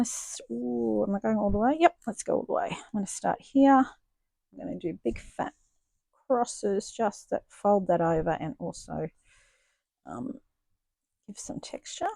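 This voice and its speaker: Woman, chatty stitching vlog, lowish voice, husky. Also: dark tone, no room sound. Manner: chatty, thinking aloud, self-deprecating. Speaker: stitching vlogger. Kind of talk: casual chat while stitching. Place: home craft studio.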